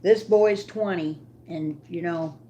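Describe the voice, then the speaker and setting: A woman's voice: fairly low pitch, slow, mellow, muffled recording, slight background noise. Older woman chatting on a livestream. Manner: chatty, talks to viewers and her dog while cooking. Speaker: livestream host. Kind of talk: casual livestream chat.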